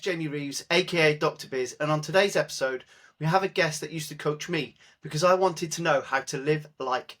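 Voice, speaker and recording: Man, fairly high voice, podcast host, upbeat, playful interviewer. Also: a bit bright. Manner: upbeat, playful, self-mocking.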